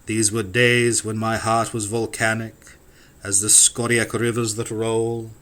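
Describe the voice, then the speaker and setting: A man's voice: lowish voice, level tone, a little slow, fairly bright tone. A man reading classic poems for an audiobook, with a rhythmic, incantatory delivery that sweeps up and down. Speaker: audiobook reader. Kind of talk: dramatic poetry reading.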